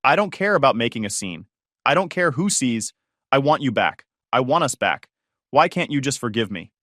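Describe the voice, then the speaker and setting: A man's voice: medium pitch, very animated, normal speed, bright, forceful tone, no room sound, studio quality. A man voicing a tearful young woman who pleads desperately with her ex-fiancé to take her back. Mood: desperate begging.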